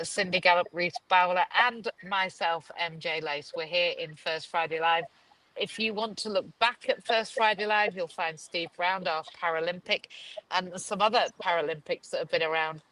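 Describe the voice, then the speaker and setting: A woman's voice: on the low side, a bit bright, dry recording, poor audio. Effusive, rambling Yorkshire woman host. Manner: rambling, effusive, restarts often. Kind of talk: casual live video chat. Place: Dubai. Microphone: video call.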